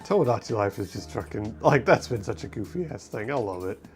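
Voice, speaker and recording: A co-host chatting casually on a stream, laid-back and quick with short agreeing replies, laughing along. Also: mid-range voice, lively intonation, faint music behind.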